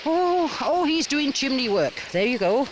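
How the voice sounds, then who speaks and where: Woman, vlogger, casual walking chat, lively swooping pitch, excitable, outdoors, handheld camera. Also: unhurried, noisy background. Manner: chatty, excitable, many gasps and exclamations. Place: outdoors at a rural old house, partly inside.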